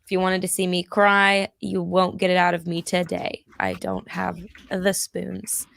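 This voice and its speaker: A woman co-hosting a casual call-in show, hoarse from losing her voice, chatty and reassuring. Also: fairly low pitch, measured pace, a bit bright. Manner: chatty, reassuring, laughs often. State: hoarse, recovering from lost voice. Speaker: co-host.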